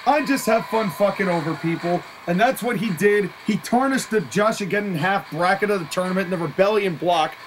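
A wrestling commentator calling the action play by play, excitable, openly taking sides, and quick to laugh. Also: mid-range voice, a little hiss or hum, low-quality recording.

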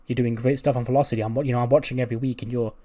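A confident male wrestler politely but firmly turns down an offer, voiced by a man. The voice is mellow and relaxed. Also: medium pitch, rapid-fire, natural voice. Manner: friendly but firm.

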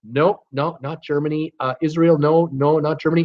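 A man hosting a casual live-stream quiz, his voice sitting a bit higher than most men's. He talks in a chatty, encouraging way and fills gaps with frequent "uh" and "um". The stream audio is dull and lo-fi. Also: steady tone, a little slow, hardly any pauses. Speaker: host of a live trivia stream. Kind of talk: casual live-stream quiz, reading viewer guesses aloud.

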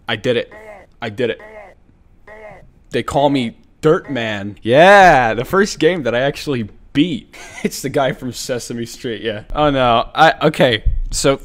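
A young man streaming a game, jumping from mutters to excited shouts as he plays. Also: mid-range voice. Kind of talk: excitable let's-play commentary. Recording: game music under the voice. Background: game music.

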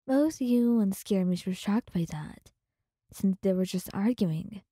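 A young woman narrating a romantic listener story in a slow, hushed, intimate ASMR style. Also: medium pitch, animated, husky, no echo, studio quality.

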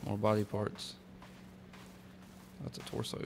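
A man's voice: fairly low pitch, takes it slowly. A man streaming a game, chatting casually with mild exclamations and easy surprise. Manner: relaxed, easily startled, mild exclamations. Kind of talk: casual gameplay chat. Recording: noisy stream audio.

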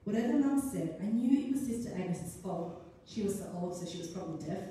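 Mellow woman reading her story. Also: lowish voice, fast, hardly any pauses. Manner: expressive, first-person storytelling. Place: arts centre event room. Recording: echoey room, distant mic, faint noise.

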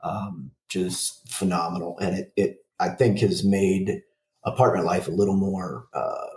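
Low-voiced profane man in his forties. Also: flat delivery, a little slow, a little mellow, roomy sound, recorded from a distance, slight background noise. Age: 40s. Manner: rambling, profane storytelling. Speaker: podcast co-host. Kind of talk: casual chat.

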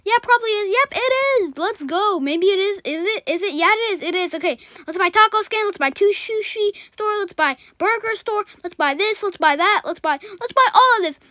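A woman giving rapid, rambling, excitable commentary while playing a video game. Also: very high-pitched, no room sound, studio quality. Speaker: gaming channel host. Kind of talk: gameplay commentary.

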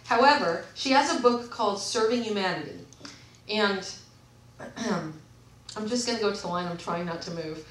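A woman talks through a relaxed vlog and reads passages aloud, wandering off and correcting herself as she goes. Her voice sits in the middle of the range and sounds a bit distant from the mic. The room is echoey, with a faint hiss of background noise. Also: medium pitch, normal speed. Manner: rambling, with frequent self-corrections. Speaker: vlogger. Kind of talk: casual monologue, reading aloud from books.

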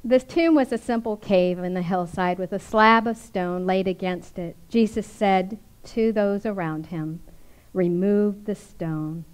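A woman's voice: mid-range voice, unhurried, few pauses, smooth, rough recording. A woman preacher giving a sermon, reading scripture aloud and then commenting on it in a chatty way, often ending with tag questions.

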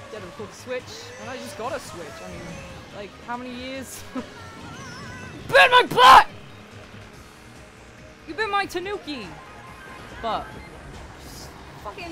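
A young woman commentating a racing game casually, swearing often and yelling at other racers. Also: mid-range voice. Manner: swears a lot, yells and wails at the game. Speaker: gaming YouTuber. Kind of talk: casual let's-play commentary. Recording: game music behind the voice.

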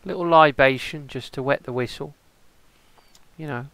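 A man's voice: a little high, moderate pace, vocal fry, a bit bright, no echo. A man playing an easygoing male pirate in a game role-play stream, rambling and musing aloud to himself. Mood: chatty.

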